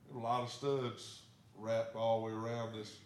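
A man's voice: on the low side, level tone, normal speed, roomy sound. A man, a pastor telling a story in a sermon in a plain, folksy way. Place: church sanctuary.

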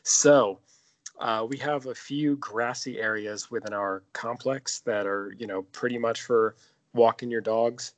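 A man with a middle-pitched voice co-hosts a casual podcast. He tells an irritated story full of swearing, speaking in a relaxed, lowered tone. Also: a little slow. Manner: animated, profane storytelling. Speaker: podcast co-host.

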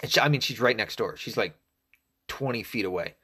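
Young man, faint southern accent, lowish voice, profane rambling monologue. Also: animated, brisk, bright, forceful tone, husky. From Arkansas, US South. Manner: profane, rambling, with many restarts.

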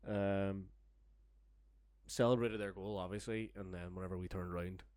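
A man's voice: low voice, fairly even intonation, normal speed, a little mellow, no echo. A young man telling a long, rambling, sweary story in casual chat, laughing as he goes. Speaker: storyteller guest. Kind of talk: casual podcast anecdote.

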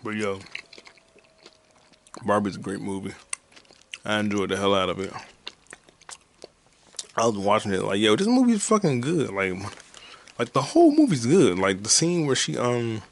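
A man's voice: lowish voice, very animated, measured pace, creaky, long pauses, slight background noise. A man hosting a casual solo podcast from home, rambling loosely and swearing, with frequent laughs. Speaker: podcast host. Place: at home with a loud game console nearby.

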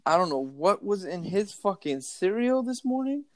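A man in casual podcast chat, telling animated stories about his son with lots of swearing. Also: high-pitched, moderate pace, no room sound, clean studio sound. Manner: animated storytelling, heavy swearing.

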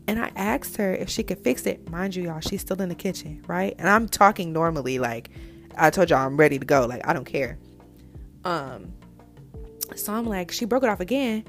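A young woman telling a story in a casual, candid way, with blunt slang, talking straight to her listeners. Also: mid-range voice. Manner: animated and candid, addresses listeners as "y'all"; blunt slang-heavy speech.

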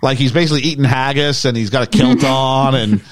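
A man's voice: medium pitch, steady tone, a little fast, no room sound, clean studio sound. A British man hosting a casual movie discussion, joking and rambling with lots of fillers. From United Kingdom. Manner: rambling, jokey, many fillers. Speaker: podcast host.

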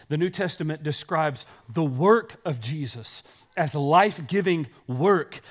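A pastor preaching to his congregation with a fairly high voice for a man. He reads scripture aloud and calls out for the crowd to answer him, with a hint of a drawl. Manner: animated preacher, quoting scripture, asks the congregation to respond. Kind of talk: sermon.

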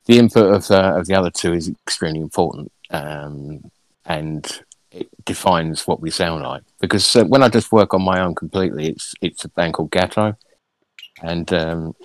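A man's voice: deep voice, no room sound. A man, a musician guest on a small radio show, talking casually in a hesitant way with many fillers and restarts. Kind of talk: casual radio interview chat.

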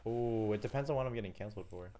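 A young man co-hosting a podcast, talking in a quick, animated, rambling way. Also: fairly low pitch. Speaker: podcast co-host. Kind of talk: casual chat.

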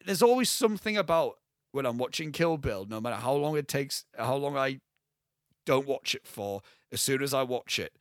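A young man co-hosting a podcast, talking casually and excitedly about a film, rambling and swearing freely. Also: mid-range voice, moderate pace, no echo, clean studio sound. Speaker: podcast co-host.

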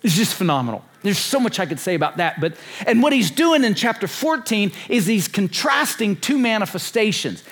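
A man in his sixties preaches with an emphatic, repetitive delivery and fires rhetorical questions at the crowd. His voice sits fairly high for a man. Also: very animated, normal speed, a bit bright, slightly rough. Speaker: conference speaker. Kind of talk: sermon.

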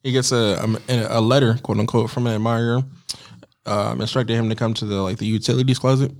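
A man's voice: mid-range voice, steady tone, quick pace, darkish tone. Male co-host, casual slangy storyteller, laughs easily. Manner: laid-back slangy storytelling, acts out lines, laughs often. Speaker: podcast co-host. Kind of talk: casual comedic chat, retelling a plot.

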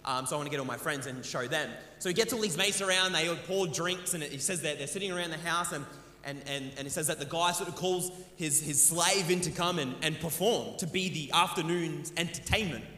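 A man preaching a sermon in a church, his high voice bright and ringing. He talks earnestly and keeps repeating words as he restarts his thoughts. The mic picks up the long, echoey reverb of the hall. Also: fairly quick. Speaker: pastor. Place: church sanctuary. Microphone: handheld mic.

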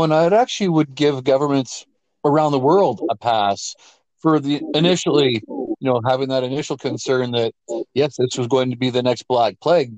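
A man, co-hosting a casual political talk show and making his points emphatically with deliberate pauses. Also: medium pitch, a little mellow, no room sound, low-quality recording. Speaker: co-host.

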